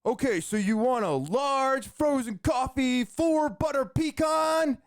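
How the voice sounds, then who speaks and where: Casting: man voicing a bellowing, overexcited drive-thru worker, very high and loud, crisp. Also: slow, heavily acted. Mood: hyped. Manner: yelling with huge energy.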